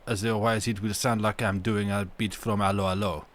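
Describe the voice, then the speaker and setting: A man's voice: fairly low pitch, level tone, a little fast. A man hosting a live stream, chatting casually with his viewers in a rambling, self-interrupting way, at home. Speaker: livestream host reading stories aloud.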